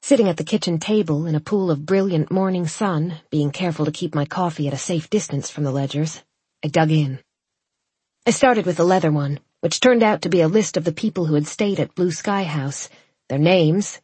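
A woman narrates a first-person audiobook in a measured, reflective way. Her voice sits low and carries a breathy, husky grain. The sound is close and dry, with no room in it. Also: darkish tone, no echo.

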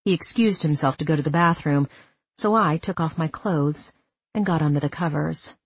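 A woman reading a first-person story aloud as an audiobook narrator, calm and measured. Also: deep voice, husky, dry recording.

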